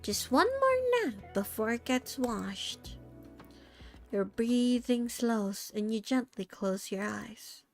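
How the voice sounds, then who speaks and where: A young woman gently reading a second-person story as a VTuber storyteller, soft and slightly halting. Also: on the high side, expressive. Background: soft background music.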